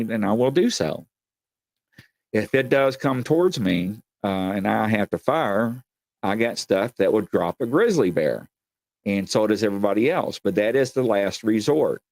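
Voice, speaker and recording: Hosting a paranormal talk show, this Kentuckian rambles through folksy tales and addresses his audience head-on. His fairly low voice is creaky and darkish, with no echo.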